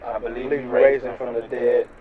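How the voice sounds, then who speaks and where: A man's voice: mid-range voice, level tone, moderate pace, narrow, tinny audio, over a noisy crowd, lightly acted. A man playing a fed-up young street hustler. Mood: repentant. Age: young adult. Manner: agitated and fed up, shouting. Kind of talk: music video skit. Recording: outdoor noise with passing traffic.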